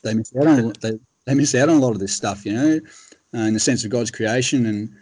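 A man's voice: medium pitch, brisk, darkish tone, breathy edge, dry recording. Laid-back Australian man telling stories. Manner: laid-back, rambling, frequent fillers. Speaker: guest telling a hunting story. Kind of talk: casual storytelling.

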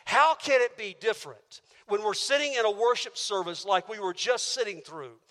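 High bright-voiced preacher in a reverberant hall. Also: male voice, moderate pace. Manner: emphatic, builds with rhetorical questions. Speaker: pastor. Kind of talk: sermon. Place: church auditorium.

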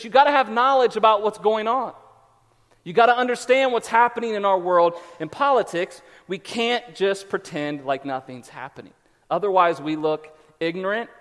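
A man preaching a conversational sermon as a pastor, acting out quick quotes as he goes. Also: high voice, fairly bright tone. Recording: reverberant hall.

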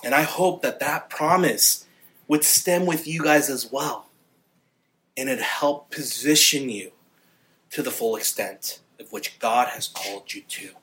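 A male pastor preaching a sermon with earnest passion, growing louder and more fervent on key points. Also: medium pitch, measured pace.

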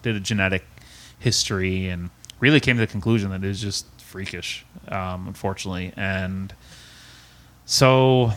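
A man with a slightly low voice tells a personal story as an interview guest. He speaks earnestly and with feeling, and often stops to restart or repeat words. At times he sounds close to tears. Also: fairly bright tone. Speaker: podcast guest.

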